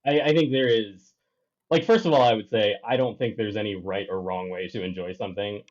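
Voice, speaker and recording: A man's voice: on the low side, a little fast, lo-fi sound. A man co-hosting a casual chat, thoughtful, with stammering restarts. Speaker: podcast co-host.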